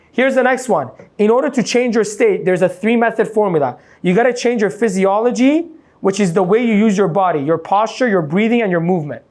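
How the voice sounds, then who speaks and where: Pumped-up guy running a motivational seminar, keeps asking the crowd yes or no. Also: sits high. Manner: energetic, quizzes the audience with "yes or no?". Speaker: motivational coach. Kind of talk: live motivational seminar talk.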